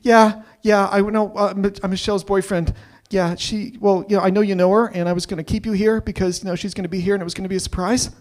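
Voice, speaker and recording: A man's voice: little pitch movement, fast, few pauses, a little mellow, natural voice. A man voicing a nervous young man who stammers out excuses after being caught. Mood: flustered. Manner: flustered, stammering, higher than usual.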